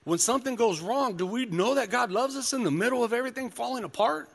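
A man's voice: very high-pitched, quick pace, gravelly, fairly bright tone. A man preaching a sermon, mixing scripture reading with personal testimony, in an easygoing style full of "you know" and "man.". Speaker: pastor. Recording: long hall reverb.

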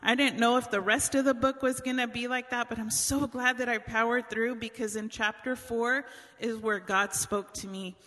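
A woman's voice: a little high, steady tone, normal speed, sharp tone, long reverb tail. A woman giving a casual sermon, retelling Bible stories in chatty everyday language. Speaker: speaker giving a Bible teaching.

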